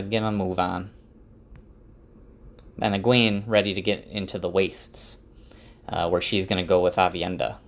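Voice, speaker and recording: A man retelling a fantasy book in a relaxed, casual way. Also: lowish voice. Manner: relaxed, with fillers. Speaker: book summarizer.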